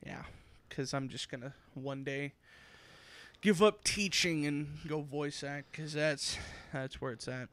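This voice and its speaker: A young man co-hosting a casual gaming podcast, animated and swearing freely, now and then slipping into put-on voices. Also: on the high side, slow pace, no room sound. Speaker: podcast co-host. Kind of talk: casual chat.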